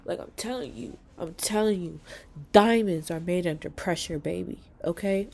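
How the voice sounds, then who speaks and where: A woman self-filming a heartfelt motivational talk, speaking earnestly and often dropping to a hushed near-whisper. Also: fairly low pitch, normal speed, vocal fry. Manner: earnest, heartfelt, swears, calls viewers y'all and baby. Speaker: motivational vlogger. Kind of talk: casual motivational talk to camera. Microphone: self-filmed with a selfie light.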